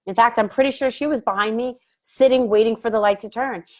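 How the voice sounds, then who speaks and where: A woman's voice: a little high, fairly even intonation, fast. A middle-aged woman and love coach, telling a personal story in a casual, reflective way, laughing often and acting out the lines she quotes.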